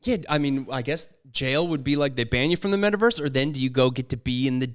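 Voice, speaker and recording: A man's voice: mid-range voice, fast talker. A young adult man co-hosting a podcast, telling irreverent jokey stories in casual chat. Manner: joking, irreverent storytelling. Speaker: podcast co-host.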